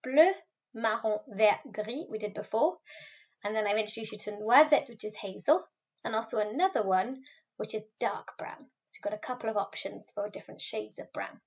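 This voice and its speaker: A woman teacher giving a recorded French lesson, patiently modelling words slowly for pupils to repeat. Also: mid-range voice. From Wales. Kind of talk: recorded classroom video lesson. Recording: slightly dull, lo-fi recording.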